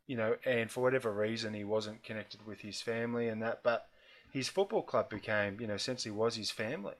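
A middle-aged man with an Australian accent, talking casually. He tells his anecdote with animation and breaks into laughter along the way. His voice sits in an ordinary middle pitch. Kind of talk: casual storytelling chat.

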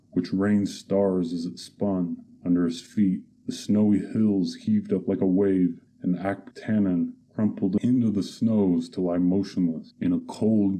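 A man narrating a fantasy audiobook in a measured, steady reading. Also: low voice.

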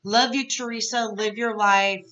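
Woman podcast host rambling thru a tv recap, bright forceful voice, kinda muffled audio. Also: mid-range voice, fairly even intonation, a little slow. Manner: chatty, rambling, lots of fillers and asides. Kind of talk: casual reality TV recap chat.

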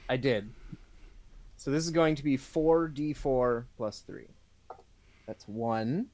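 Relaxed male tabletop player. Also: mid-range voice, takes it slowly. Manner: relaxed, counts dice rolls aloud. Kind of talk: casual tabletop play.

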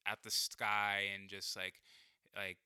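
A man's voice: lowish voice, monotone, takes it slowly, sharp tone, smooth, no echo, clean studio sound. A young man telling a personal story in casual chat, rambling, full of fillers and swearing.

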